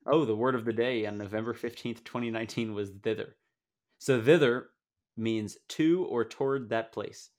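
A man's voice: medium pitch, moderate pace. Laughing young man co-hosting a podcast. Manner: playful, laughs often, animated when retelling. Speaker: podcast co-host. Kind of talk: casual chat.

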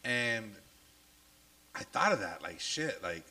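A man with a low voice co-hosting a casual podcast, rambling with many fillers, getting over a cold. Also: sing-song, slow pace, bright, forceful tone, slightly rough, poor audio. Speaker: podcast co-host.

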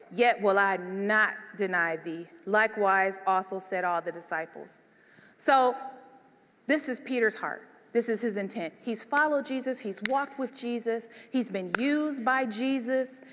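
A woman preaching a sermon, animated, swinging between soft and emphatic delivery. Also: a little high, in a large hall.

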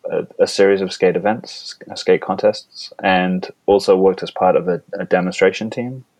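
Bristol guy, deep voice, deadpan jokes, dead dry recording. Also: moderate pace, dry recording. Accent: Bristol English. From England. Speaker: podcast guest. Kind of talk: casual chat.

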